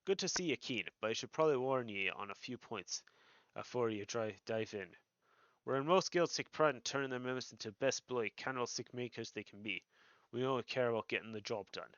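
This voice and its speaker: A man doing a gruff thieves' guild recruiter. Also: fairly quick, fairly bright tone, no room sound, highs cut off, close to an everyday voice. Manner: low, muttered thieves' slang.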